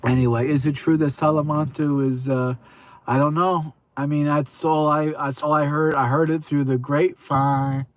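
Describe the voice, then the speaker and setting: A man's voice: a little high, flat delivery, moderate pace, no echo. Tipsy rambling man hosting a show. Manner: rambling, sing-song, swearing often. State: tipsy from drinking. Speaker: show host. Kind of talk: casual livestream chat.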